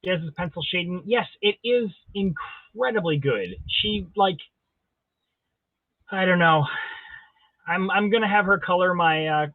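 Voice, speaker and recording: A man hosts a live drawing stream, chatting casually and playfully as he answers viewer comments. His voice sits high and is unhurried, with long pauses and no echo, captured in dull, dry lo-fi stream audio.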